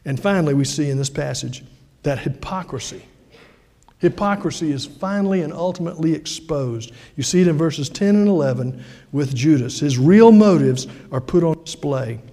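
An older male pastor gives a folksy, conversational sermon, tossing in asides and questions to the congregation. His voice sits fairly high but has a dark, mellow tone. It carries a long echo through a large church hall. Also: lively intonation, moderate pace.

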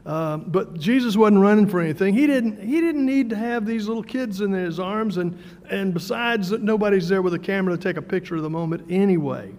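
High-voiced man preaching in a reverberant hall. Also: fairly quick, a little mellow. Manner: conversational, with frequent fillers and repeated words. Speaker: pastor. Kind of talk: sermon.

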